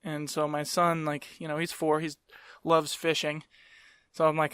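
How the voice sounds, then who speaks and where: A man's voice: a little high, monotone, normal speed, a bit bright, clean tone, dry recording, studio quality. A man hosting a casual podcast, rambling and joking as he talks. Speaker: podcast host.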